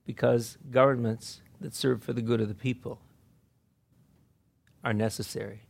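A man's voice: mid-range voice, steady tone, normal speed, creaky. A man giving an earnest, heartfelt talk, his voice breaking with emotion and with laughter. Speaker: speaker at a conference. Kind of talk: informal talk.

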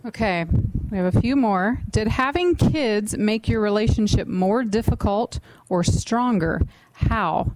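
A woman with a mid-range voice co-hosts a casual Q&A. She reads out questions in a chatty way. She answers in quick bursts of fast talk. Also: mid-range voice, expressive, a little mellow, rough recording. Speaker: co-host reading questions. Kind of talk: casual Q&A chat.

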